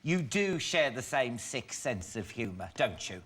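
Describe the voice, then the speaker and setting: A man's voice: mid-range voice, very animated, a little slow. A man hosting a talk show, camp and playful as he asks questions. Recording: loud studio audience and noise.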